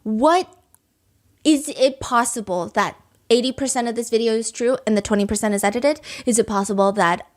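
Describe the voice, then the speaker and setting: A woman hosts a casual podcast, her voice sitting a bit high. She tells the story in quick, animated bursts and keeps dropping in asides. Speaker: podcast host.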